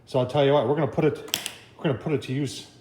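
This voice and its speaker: A man's voice: medium pitch, steady tone, racing, dark tone, slight background noise. A man hosting a casual cooking vlog, talking folksy and chatty and often addressing viewers as folks. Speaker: cooking channel host.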